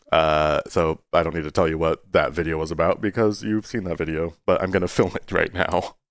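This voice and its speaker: A man talking to his viewers in a casual, rambling way, earnest but playful, with sudden jumps into a high voice. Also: no echo, studio quality. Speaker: YouTuber. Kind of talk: casual talking-to-camera monologue.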